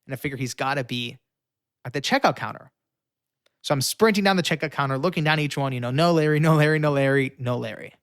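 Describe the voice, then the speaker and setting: A young man telling a story with lively energy, filling it with fillers and acting out the voices of the people in it. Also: mid-range voice, fast talker, dry recording, studio quality. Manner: acts out quoted voices, shouting and pleading; frequent fillers. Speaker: guest storyteller. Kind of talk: animated storytelling.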